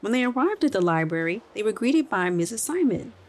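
A woman hosting a children's podcast and narrating a story in an expressive read-aloud style. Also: on the high side, a little fast.

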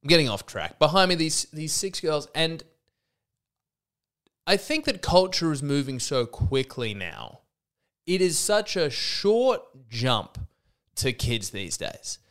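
A man's voice: a little high, sing-song, slow, fairly bright tone. Sarcastic ranting man in his thirties. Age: 30s. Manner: exasperated, sarcastic, lots of restarts. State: a little sick. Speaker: podcast host. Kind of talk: comedic solo rant.

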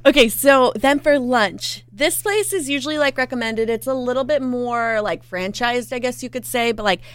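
A woman's voice: on the high side, moderate pace. A young woman co-hosting a casual vlog, easygoing and chiming in with her friend. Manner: easygoing, laughs along, chiming in. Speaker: co-host vlogger. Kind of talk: casual chat.

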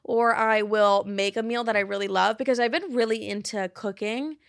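A woman in her twenties hosts a podcast from an apartment in a big US city, chatting casually, swearing freely, saying "like" constantly, and laughing now and then. Her voice sits on the high side, creaky yet clear and resonant, at a normal speed, with clean studio sound and no room noise.

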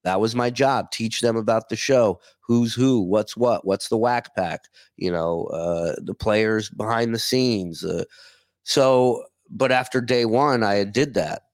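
A man talking as a guest over a video call, relaxed and chatty with the odd curse. His voice is on the low side. The sound is dry, with no room echo. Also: slow. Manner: easygoing, chatty, swears casually. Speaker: guest, former radio show staffer. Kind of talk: casual chat.

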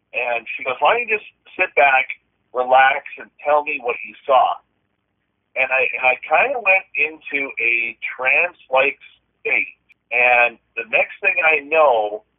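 This man speaks as a guest on a call-in show, his mid-range voice coming through a thin, tinny phone line. He tells a personal story earnestly, often stopping and restarting his sentences. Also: medium pitch. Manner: earnest, halting, frequent restarts. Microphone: telephone.

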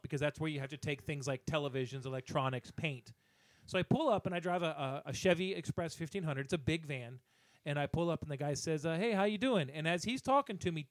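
A man on a podcast tells a rant in an animated, profane way, acting out the people in his story with a somewhat high voice. The recording is dry and close. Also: no room sound. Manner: animated, profane, acts out other people's lines. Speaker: podcast co-host.

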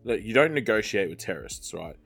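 Man, thirties, podcast co-host, lively swinging pitch, swears a lot, faint music behind. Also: a little fast, vocal fry, husky. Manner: animated storyteller, swears freely, acts out quotes. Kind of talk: casual chat.

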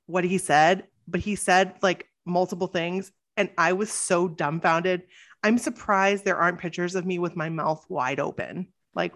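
Animated woman podcast host telling a story. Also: fairly low pitch. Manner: animated, acts out quotes with shifting voice. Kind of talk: casual storytelling.

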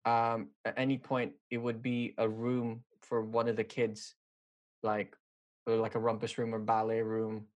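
A man's voice: lowish voice, completely flat delivery, measured pace, darkish tone, lo-fi sound. A man talking casually about a TV series, rambling and hesitant, with many fillers and restarts. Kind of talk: casual chat.

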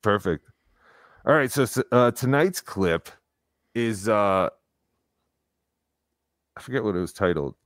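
A man's voice: on the low side, animated, a little slow, pauses often, fairly bright tone, no room sound, studio quality. A man co-hosting a podcast, chatting casually and rambling, with lots of fillers and restarts. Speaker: podcast co-host. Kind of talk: casual chat.

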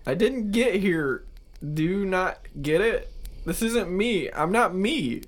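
A man's voice: high-pitched, animated, takes it slowly, voice pushed up, exaggerated voice. A man voicing a frightened man who woke up in a stranger's dead body, frantic and pleading. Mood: panicked. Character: panicked man waking in a stranger's corpse.

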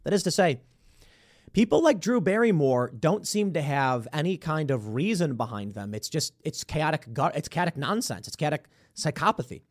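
A man's voice: fairly high pitch, big pitch swings, normal speed. A man hosting a political talk show, giving sarcastic, rambling opinion commentary. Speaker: political podcast host.

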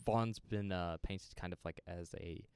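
A man's voice: deep voice, fairly even intonation, measured pace, a little mellow, clear, resonant tone, no room sound. A young man co-hosting a podcast, chatting casually with dry teasing and frequent laughs. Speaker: podcast co-host. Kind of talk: casual film discussion.

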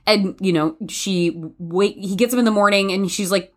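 A woman co-hosting a film talk show in a loose, conversational way. Her voice leaps high and drops low whenever she acts out lines from a scene. She sounds lively and expressive throughout. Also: moderate pace. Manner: animated, acts out quoted lines with big pitch swings. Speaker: podcast co-host. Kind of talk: casual film discussion.

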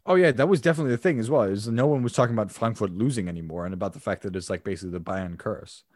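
Low-voiced man chatting football. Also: racing, a little mellow, no echo, studio quality. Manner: chatty, rambling with restarts and laughs. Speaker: podcast co-host. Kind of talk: casual football podcast chat.

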